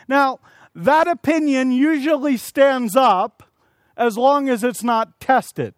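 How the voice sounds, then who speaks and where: A man preaching an evening sermon, telling stories and acting out quotes in a lively, animated way. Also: very high-pitched, slow, no room sound. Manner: storytelling with acted-out quotes and shouted asides.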